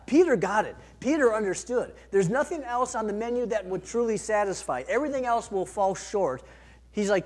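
A man preaching a sermon, earnest, rising to emphatic peaks and then dropping soft. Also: sits high, lively intonation, fairly quick. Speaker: pastor.

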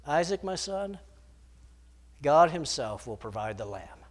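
A man dropping low and quiet to play old Abraham, a grieving father who stays resolute. The voice sinks well below the preacher's usual pitch and falls near a whisper. It is heavy with sorrow, as in a retold sermon story. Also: big pitch swings, measured pace. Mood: gentle.

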